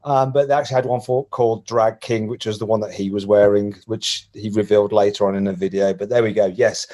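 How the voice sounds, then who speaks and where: A man's voice: lowish voice, fairly even intonation, a little fast, warm tone. Man, Black Country accent, podcast guest, self-deprecating, laughs a lot, rambling chat. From England, Walsall. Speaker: guest, motoring journalist. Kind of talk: casual interview chat.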